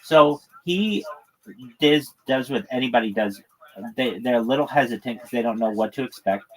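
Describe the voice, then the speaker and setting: A man's voice: medium pitch, normal speed, low-quality recording. A man telling a rambling, profanity-laced story in a casual livestream monologue.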